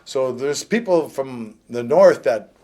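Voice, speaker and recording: A man's voice: mid-range voice, animated, slow, warm tone. A man in his fifties from northern Ontario, a musician guest in a casual interview, telling stories in a laid-back way with casual swearing. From northern Ontario, Canada.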